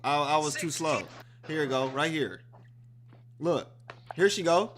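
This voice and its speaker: A man hosting a reaction video, telling the story of a film in a casual, excited, profane way. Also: a little high, a little slow, slight background noise.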